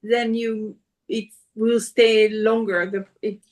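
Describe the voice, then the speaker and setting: This is a woman appearing as a guest on a casual podcast. She speaks very slowly and hesitantly, pausing to search for her words, in a voice that sits a little high. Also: little pitch movement.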